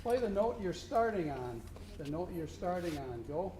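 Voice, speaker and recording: In an echoey room with a bit of faint noise, a man coaches a student band as a contest judge, singing rhythms aloud to illustrate his points in this instructional clinic. His high-sitting voice swings widely in pitch, and he talks at a normal speed.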